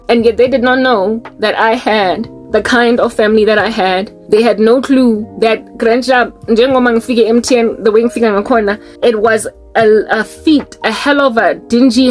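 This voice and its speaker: A South African woman giving emphatic, outspoken personal commentary in a vlog, repeating her points for weight. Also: fairly high pitch. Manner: emphatic and outspoken, with heavy repetition. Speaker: vlogger.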